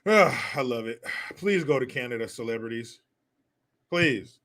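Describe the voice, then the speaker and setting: A man's voice: mid-range voice, animated, moderate pace, fairly bright tone. A man hosting a casual commentary vlog, sarcastic and mocking, swearing freely and laughing often. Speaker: host.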